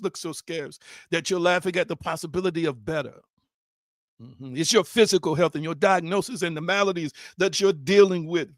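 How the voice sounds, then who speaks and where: High-voiced man preaching a sermon. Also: no room sound, clean studio sound. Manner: repetitive rhetorical questions, rising to shouts.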